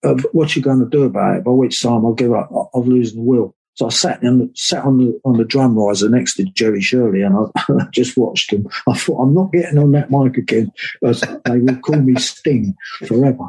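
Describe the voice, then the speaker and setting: An older man spins long anecdotes as an interview guest, jumping into the voices of the people he quotes. His voice is dark and mellow, with a husky edge to it. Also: mid-range voice, fairly quick, low-quality recording. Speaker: guest musician. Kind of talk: casual storytelling interview.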